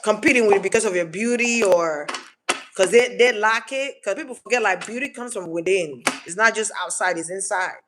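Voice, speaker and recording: A woman's voice: mid-range voice, a little fast, background noise. A woman giving a casual collective tarot reading, blunt and slangy, swearing freely and repeating words for emphasis. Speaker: tarot reader.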